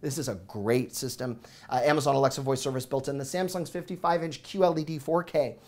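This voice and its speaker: A man in his thirties hosting a deals show, rattling off prices in an excited, auctioneer-like patter while he sweats. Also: medium pitch, fast talker. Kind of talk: fast product deal rundown.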